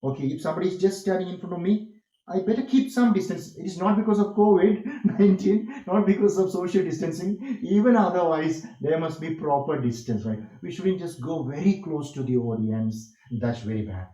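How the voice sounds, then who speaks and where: A man's voice: sits high, brisk, mellow, lo-fi sound. A man teaching a workshop on communication skills, emphatic and repetitive, asking rhetorical questions. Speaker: workshop instructor. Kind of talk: online lecture on communication skills. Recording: echoey room.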